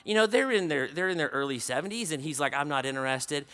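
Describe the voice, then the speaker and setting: A man preaching to a conference crowd, telling stories in an animated way, acting out dialogue and dropping to a hush for somber moments. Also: a little high, fast. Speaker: conference speaker. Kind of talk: storytelling sermon. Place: large conference stage.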